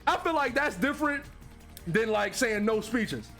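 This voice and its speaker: A man giving casual, profane reaction commentary as a streamer, with animated slang and frequent laughter. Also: very high voice, moderate pace, soft background music.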